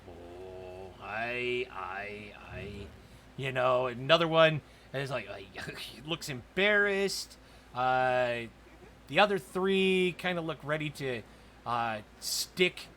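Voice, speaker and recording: A man narrating a tabletop role-playing game as dungeon master, in a casual, halting way. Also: mid-range voice, bright, forceful tone, a little hiss or hum. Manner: casual, hesitant with fillers.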